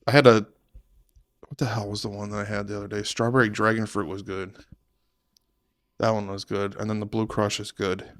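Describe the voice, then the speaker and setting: A man's voice: fairly low pitch, level tone, fairly quick, pauses often, fairly bright tone, no room sound. A young man hosting a casual podcast chat, rambling and playful. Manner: rambling, playful, mock accents. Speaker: podcast host.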